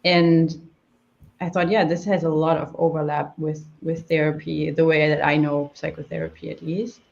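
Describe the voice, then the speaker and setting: A woman's voice: low voice, flat delivery, normal speed, creaky, darkish tone, highs cut off. A woman hosting a podcast, asking a long, thoughtful question full of fillers. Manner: thoughtful, rambling, many fillers. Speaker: podcast host. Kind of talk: casual interview question.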